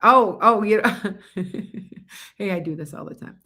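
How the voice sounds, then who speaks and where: A woman's voice: medium pitch, measured pace, pushed and bright. A woman giving psychic readings on a casual livestream, chatting loosely and often losing her train of thought. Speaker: psychic reader.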